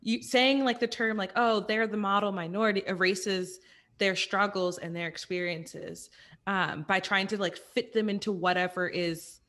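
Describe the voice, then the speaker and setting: A woman's voice: medium pitch, unhurried, a bit bright. Woman host asking thoughtful questions. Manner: searching for words, thoughtful questioning. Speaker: podcast host. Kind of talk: casual podcast interview.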